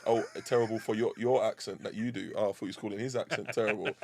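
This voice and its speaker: A man co-hosting a casual football chat show, animated and playful, arguing and laughing with his co-host. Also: lowish voice, racing, a little hiss or hum.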